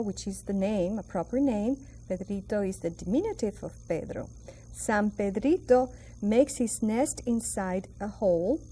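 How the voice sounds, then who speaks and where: A woman's voice: mid-range voice, dark tone. A woman from Puerto Rico with a Puerto Rican Spanish accent, teaching a Spanish lesson and drawing out each phrase for pronunciation drills. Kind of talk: classroom TV lesson.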